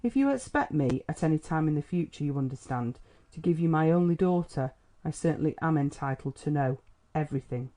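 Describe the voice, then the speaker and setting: A man voicing a gruff, testy country doctor in a storybook, brusque and sober. The tone is mellow and warm, close to the reader's own voice. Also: a little high, lively intonation, a little fast, close to an everyday voice. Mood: stern. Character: stern, gruff middle-aged male country doctor. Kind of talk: audiobook character reading.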